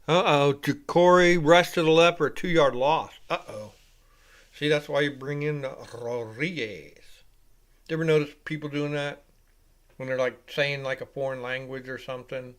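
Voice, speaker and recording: A man with a fairly high voice hosting a live sports reaction show. He drifts from the game into rambling, profane asides, then jumps back in louder and higher to call the action. The talk is loose and unscripted, like chatting to viewers. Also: fairly even intonation, moderate pace. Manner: rambling and casual, with profanity, rising and louder when calling plays. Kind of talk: live play-by-play reaction commentary.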